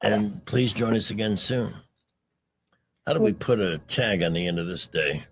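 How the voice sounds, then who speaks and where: A man with a low, gravelly voice chatting on a radio talk show in a dry studio sound. He talks easily with callers and his co-host and jokes along. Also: moderate pace, dry recording.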